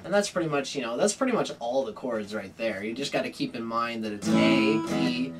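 A young man casually explaining a guitar song, relaxed and rambling with many fillers. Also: medium pitch, a little fast, recorded from a distance. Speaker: guitar teacher. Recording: loud guitar over the voice.

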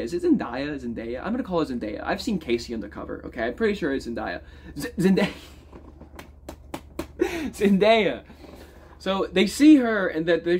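A man rants about a film in a loose, animated way, his fairly high voice jumping up and getting loud when he is worked up. He swears freely and talks like he is chatting to friends. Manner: animated, swearing, big swings in pitch and loudness. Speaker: movie reviewer. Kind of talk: casual profane movie rant.

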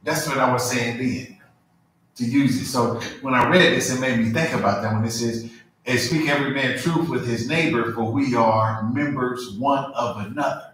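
A man preaching a conversational sermon, informal and animated, full of asides and "you feel me?". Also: mid-range voice, normal speed. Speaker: pastor. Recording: very echoey room, mic far off.

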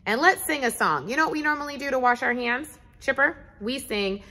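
A woman's voice: high voice, fairly quick, long reverb tail. A woman teaching a children's Bible lesson, talking animatedly to a pet dog and to the children. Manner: animated, talks to an unseen puppet dog. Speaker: preschool teacher.

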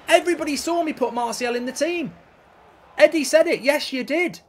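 A man's voice: very high voice, brisk, slight background noise. A man streaming a football video game, ranting and swearing at the match and answering his viewers' chat. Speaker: gaming streamer. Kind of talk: live game commentary.

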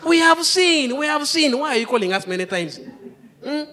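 A man voicing a slow, greedy male police officer who drawls his questions in a mocking way. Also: very high voice, expressive, pushed and bright, pitched above the performer's own voice, exaggerated voice. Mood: bossy.

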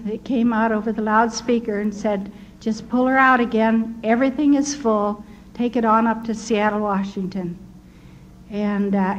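An older woman giving her personal testimony as a story, quoting the people she met and laughing softly now and then. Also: fairly high pitch. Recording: dull lo-fi recording with faint hiss.

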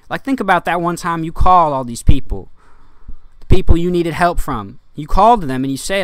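A man rambling in a monologue to his viewers, ranting and swinging from loud to quiet. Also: a little high, expressive, moderate pace, no room sound. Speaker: vlogger.

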